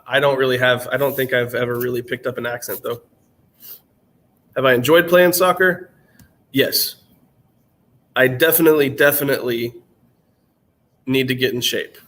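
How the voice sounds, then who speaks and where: Answering his chat during a live stream, a man in his twenties with a general American accent talks casually, rambling with lots of fillers and restarts in a tired voice. It's mid-range and a bit bright, with slight background noise.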